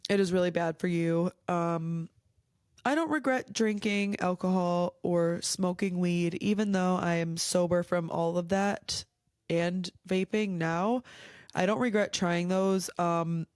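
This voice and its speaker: A woman's voice: on the low side, fairly even intonation, measured pace, darkish tone, clean tone, no echo, clean studio sound. A young woman hosting a casual Q&A vlog, talking in a heartfelt, rambling way while emotional and teary. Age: young adult. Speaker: vlog host.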